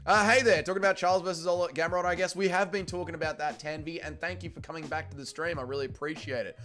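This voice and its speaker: A man's voice: a little high, fairly even intonation, fast, pushed and bright. A young Australian man hosting a livestream, chatting casually and reading chat messages in a rowdy, profane way. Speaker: livestream host. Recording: faint music behind.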